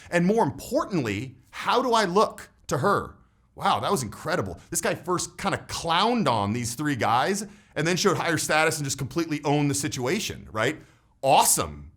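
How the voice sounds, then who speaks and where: Lively high-voiced male coach, animated. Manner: animated, tags points with "right?". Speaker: voice and status coach. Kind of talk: coaching vlog breakdown.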